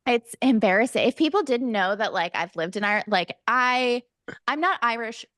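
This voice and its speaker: A woman's voice: a little high, moderate pace, no echo, clean studio sound. A woman podcast co-host in casual chat, oversharing and telling stories with lots of energy. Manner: chatty, oversharing, animated storyteller.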